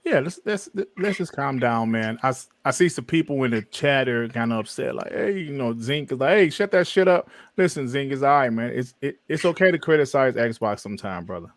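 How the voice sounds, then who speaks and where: A man hosting a gaming podcast in casual chat, reading viewer comments aloud with animated swings in pitch. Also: a little fast, hardly any pauses, no room sound. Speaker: podcast host.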